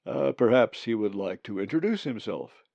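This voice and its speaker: A man doing a deep, pompous old raven. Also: animated, normal speed, creaky, a little mellow, no room sound. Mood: formal, stern. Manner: old-fashioned, pompous, booming when angry. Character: big deep-voiced male raven, formal and stern.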